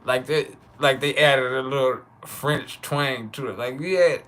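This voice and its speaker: Livestream host, male, 30s, loose joking delivery with lots of laughs, bright and forceful. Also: mid-range voice, steady tone. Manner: loose, joking, laughs often, drawn-out names. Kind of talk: casual live chat with viewers.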